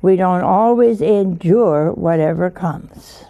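Slow, gravelly-voiced woman preaching. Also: fairly low pitch, narrow, tinny audio. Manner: folksy, asks the listeners rhetorical questions. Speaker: religious teacher. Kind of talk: informal sermon.

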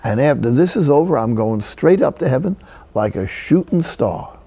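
A man voicing a grateful, cheerful old woman with a Southern US accent, in a gravelly voice. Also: medium pitch, lively intonation, normal speed, warm tone. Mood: joyful.

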